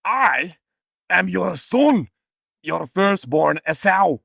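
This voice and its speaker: A man's voice: sits high, sing-song, drawn-out words, gravelly, fairly bright tone, husky, no echo, clean studio sound, pitched above the performer's own voice, exaggerated voice. A man voicing a grown hunter son pleading with his father, with a mock Scottish lilt and an overwrought reading manner. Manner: theatrical, overwrought scripture reading. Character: aggrieved adult male hunter, pleading son.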